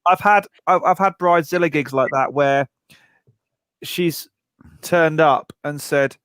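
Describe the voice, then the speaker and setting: A man co-hosting a live music chat show, telling a relaxed anecdote about a gig. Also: medium pitch, dry recording, clean studio sound. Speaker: show co-host. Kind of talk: casual chat.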